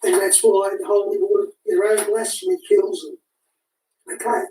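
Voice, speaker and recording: A woman giving an animated, casual spoken commentary, often restarting and repeating words as she talks. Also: mid-range voice, unhurried, a little hiss or hum. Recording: echoey room, far from the mic.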